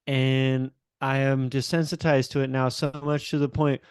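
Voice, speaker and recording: Man, mid pitch, smooth clear voice, measured casual storytelling, dry sound. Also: little pitch movement, no echo. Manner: storytelling, measured, asks questions. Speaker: podcast co-host. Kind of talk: casual chat.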